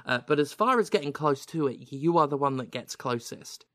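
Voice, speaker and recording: A man with a British accent that carries a slight American hint, hosting a podcast in animated, self-mocking casual chat. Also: on the high side, moderate pace, no room sound, studio quality. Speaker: podcast host.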